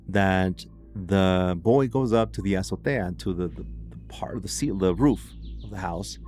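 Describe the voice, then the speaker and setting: A man's voice: sits low, darkish tone. A man hosting a podcast, retelling a case in a casual, chatty way full of "like"s and restarts. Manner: chatty, filler-heavy with many "like"s and restarts. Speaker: podcast host. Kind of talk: casual storytelling narration.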